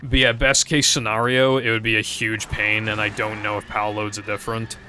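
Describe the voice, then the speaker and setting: A man's voice: on the low side, little pitch movement, moderate pace, bright, forceful tone, slight background noise. A young man chatting casually to his stream viewers, rambling and hesitant with frequent fillers and casual swearing.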